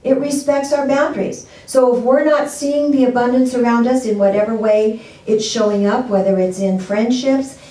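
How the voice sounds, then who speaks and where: A woman pastor preaches in an easy, conversational way, tossing questions out to her congregation. Her voice is mellow and warm. She sounds a step away from the microphone, with the sanctuary's echo rolling around her. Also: on the high side, far from the mic. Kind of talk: sermon.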